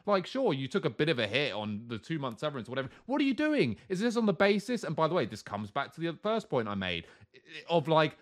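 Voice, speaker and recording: A man rants on a casual podcast, swearing freely and mock-quoting people. His voice sits a little high and swings widely in pitch. He sounds fired up and blunt. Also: huge pitch swings, quick pace. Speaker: co-host. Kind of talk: heated casual podcast rant.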